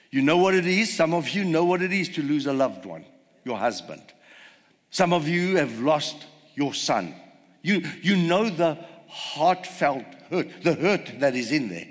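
A man delivers a sermon in a slightly high, very animated voice, taking his time over each phrase. He retells the story and keeps asking the congregation rhetorical questions. His voice carries a long reverb, as if recorded in a large hall. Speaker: preacher.

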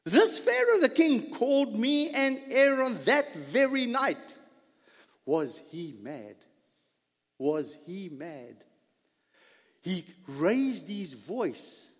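A man preaching a dramatic first-person sermon monologue, emphatic, full of rhetorical questions and drawn-out words. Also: high voice, big pitch swings, in a large hall.

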